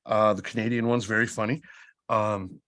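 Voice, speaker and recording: A man who is a casting director, judging a voice-over contest with measured critique full of pauses and "um"s. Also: fairly low pitch, little pitch movement, a bit bright, no room sound. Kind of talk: live feedback to a contestant.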